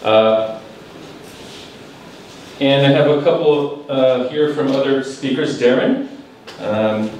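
A man's voice: mid-range voice, takes it slowly, long pauses, a little mellow, slight background noise. A man serving as language evaluator, patiently explaining word usage and leading group repetition. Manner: patient and teacherly, explains phrases and leads the room in repeating words. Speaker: language evaluator at a speaking club. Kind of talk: live spoken feedback to club members. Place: large echoey meeting room. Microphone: distant room mic. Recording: very echoey room, distant mic.

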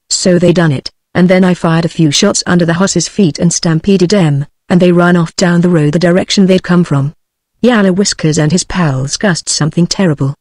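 A woman's voice: lowish voice, no room sound. Synthetic British woman reading a book. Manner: even synthetic reading of all dialogue. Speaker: narrator. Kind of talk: text-to-speech audiobook reading.

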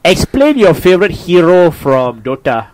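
A man's voice: sits high, very animated, moderate pace, noisy background. A man hosting a casual podcast chat, teasing and prompting his co-hosts. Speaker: podcast host.

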